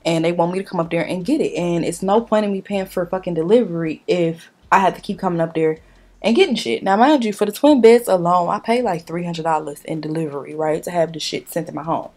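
A woman's voice: on the low side, fast talker. A young woman, ranting in a blunt, profane storytime while she does her makeup at home. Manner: animated, blunt, profane storytelling with reenacted dialogue. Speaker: beauty vlogger. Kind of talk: casual storytime chat during a makeup tutorial.

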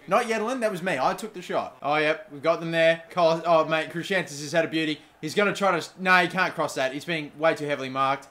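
A young man narrates his football game as he plays. His voice sits slightly high, and he keeps breaking into swearing and shouting when a chance is missed. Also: quick pace, few pauses. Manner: excitable, swears, shouts at players. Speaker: gaming YouTuber. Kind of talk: gameplay commentary.

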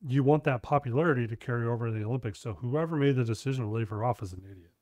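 A young man co-hosting a podcast, talking in a loose, rambling way and cursing without a second thought. His voice sits at an ordinary pitch and is recorded close and dry, with no room sound around it. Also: rapid-fire, a little mellow, dry recording. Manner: blunt, rambling, swears casually. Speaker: podcast co-host. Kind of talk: casual chat.

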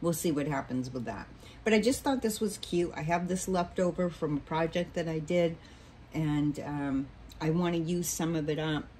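A woman's voice: low voice, normal speed, warm tone, slight background noise, low-quality recording. Chatty woman teaching sewing at home. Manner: chatty and rambling, many ums and self-corrections. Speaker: sewing tutorial host. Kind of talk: casual home sewing tutorial. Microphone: camera mic.

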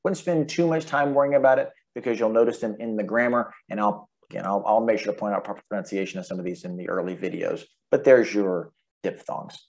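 A man giving a relaxed, chatty video lesson on the Greek alphabet, spelling out letters and their sounds. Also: on the low side, fast talker. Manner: sings the alphabet in a plain untrained voice. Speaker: Greek teacher.

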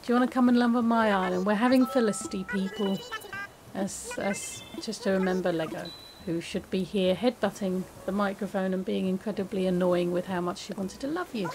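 A woman chatting casually while playing a game, with many restarts and a soft, hesitant way of talking. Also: mid-range voice, fairly quick, noisy background. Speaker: gaming video creator. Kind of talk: casual gameplay commentary.

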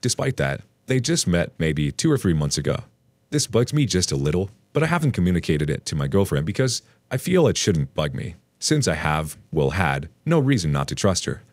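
Deep, lively male story narrator. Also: moderate pace, no room sound. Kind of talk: scripted narration of a forum post.

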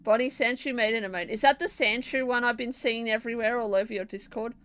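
A woman's voice: a little high, steady tone, fast, fairly bright tone, clear, resonant tone. A young woman with an Australian accent, chatting casually and giggling as she streams from home, answering her chat while she plays and draws.

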